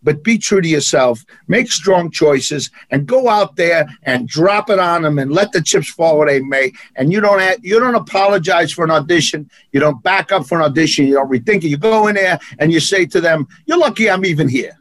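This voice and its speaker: An expressive male voice on the high side, a bit bright, moves at a moderate pace with hardly any pauses and no room sound. The guest, an actor and martial arts instructor with a New York accent, tells punchy interview stories and repeats phrases for effect.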